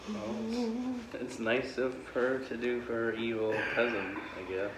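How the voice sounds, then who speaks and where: A man's voice: mid-range voice, unhurried. A man chatting casually with wry, joking remarks and casual swearing. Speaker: brother, co-host. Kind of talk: casual chat, wisecracks. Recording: roomy with clear background noise.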